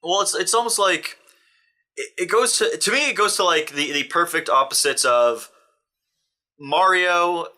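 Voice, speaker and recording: A young man co-hosting a film review, talking casually and animatedly, ranting and slipping into quick impressions. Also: high voice, sharp tone. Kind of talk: casual chat.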